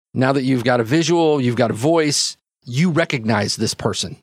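A man narrating a tabletop game as game master, at a middling pitch. He rambles with many fillers and restarts, and the sound is dry and close with no room. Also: normal speed, slightly rough, dry recording.

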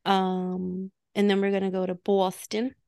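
Gravelly-voiced Chicago woman chatting. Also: mid-range voice, monotone, a little slow, mellow, no room sound, clean studio sound. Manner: giggly, joking, chatty. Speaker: podcast co-host. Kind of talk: casual chat.

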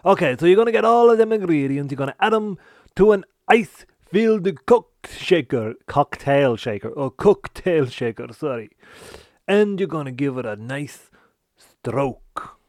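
A man's voice: mid-range voice, lively intonation, takes it slowly, a little mellow, no room sound, clean studio sound. A man putting on a foul-mouthed aggressive chef. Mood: instructing. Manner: rude, swearing, shifting put-on accents.

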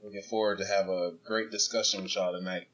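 A young man co-hosts a podcast, telling about his week in a relaxed, friendly way. His voice sits low and easy. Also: fairly quick, muffled recording. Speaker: podcast co-host. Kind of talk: casual chat.

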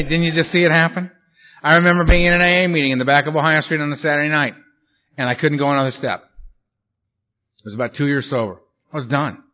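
Blunt, humorous man on lo-fi tape. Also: on the high side. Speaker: workshop speaker at a recovery meeting. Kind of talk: personal storytelling talk. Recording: dull lo-fi recording.

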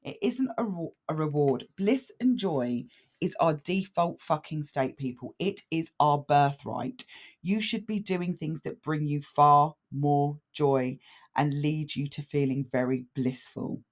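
A woman's voice: low voice, takes it slowly. A woman in her thirties hosting a solo wellbeing podcast, talking earnestly and enthusiastically with frequent swearing. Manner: emphatic, swears freely, upbeat and earnest. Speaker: podcast host, wellbeing coach. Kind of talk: casual solo podcast monologue.

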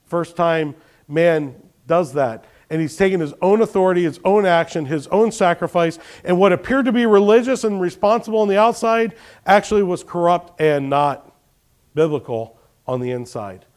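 A man's voice: sits high, expressive, normal speed, darkish tone. A man preaching a sermon, telling Bible stories with animation and questioning his congregation. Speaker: pastor.

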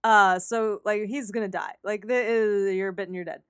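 A woman in casual chat about a movie, animated, swearing and acting out quotes. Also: mid-range voice, normal speed, smooth, no echo, studio quality.

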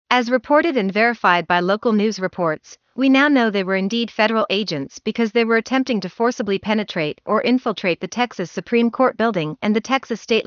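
A woman's voice: medium pitch, fairly bright tone, no echo. Woman news reporter from Canada, formal and wordy delivery, dry and slightly muffled sound. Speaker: field reporter.

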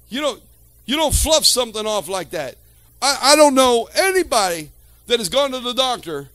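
A man preaching a sermon in a strikingly high voice. He drops to quiet, drawn-out phrases and then rises to shouts, calling out to the congregation. The sound is dry and close. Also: no echo. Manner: calls to the congregation.

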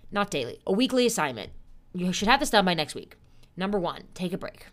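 A young woman in her twenties hosts a solo podcast in a casual, chatty style. She talks in a bubbly, playful way and laughs easily. Her voice sits a little low for a woman. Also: very animated, brisk, fairly bright tone. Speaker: podcast host.

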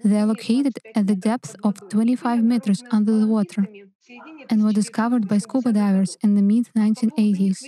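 A woman giving a prepared presentation as a panel participant, steady and informative. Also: mid-range voice, poor audio.

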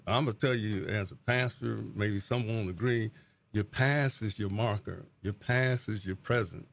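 A man's voice: lowish voice, moderate pace, creaky. A middle-aged man, a pastor, giving an earnest, reflective testimony as an interview guest and often repeating words as he searches for them.

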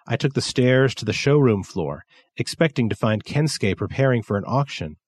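A man narrating a science fiction story in a measured, steady reading style. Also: mid-range voice, no room sound, studio quality. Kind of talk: scripted narration.

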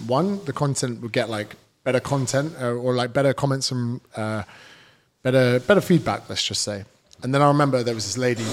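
A British man, a fitness trainer, telling stories as a guest in a casual podcast interview, blunt and swearing freely. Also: mid-range voice.

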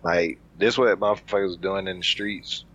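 A man's voice: deep voice, fairly even intonation, moderate pace, a bit bright. A man in a casual group chat, talking emphatically and swearing freely. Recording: dull lo-fi recording.

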